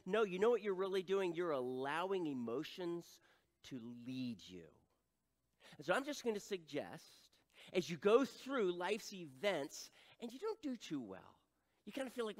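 Middle-aged man, pastor, lively high-pitched sermon voice, long reverb of a hall. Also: moderate pace. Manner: animated preaching, acts out voices, self-deprecating asides.

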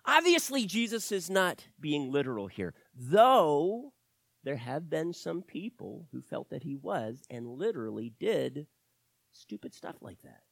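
Animated pastor with loud outbursts. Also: male voice, fairly high pitch, unhurried, vocal fry, dry recording. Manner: animated, swings between loud emphasis and quiet asides; self-deprecating humor with the congregation. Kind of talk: sermon. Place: church.

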